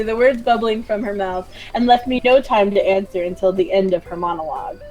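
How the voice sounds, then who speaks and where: A woman's voice: medium pitch, a little slow, few pauses, darkish tone, faint music behind, rough recording. A woman hosting a gaming video, reading visual novel narration aloud with giggly, joking asides. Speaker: gaming channel host.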